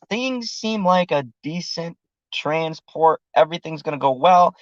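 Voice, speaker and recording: Excited tv reviewer rambling about an episode, cursing a lot, muffled dry mic sound. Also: mid-range voice, a little slow, dry recording. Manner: animated, chatty, swears freely. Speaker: TV show reviewer. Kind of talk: casual spoken TV review.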